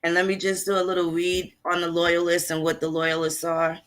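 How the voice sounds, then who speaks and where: A woman's voice: fairly low pitch, monotone, fairly quick. A woman talks through old archive records in a loose, casual lecture. Her delivery is blunt and conversational, and she swears freely while explaining. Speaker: history channel host.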